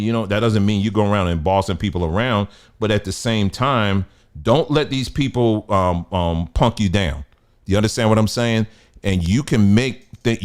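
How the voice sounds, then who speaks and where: Preachy man, low voice, conversational. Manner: conversational, preachy, emphatic advice. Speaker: podcast host. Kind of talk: casual monologue to listeners.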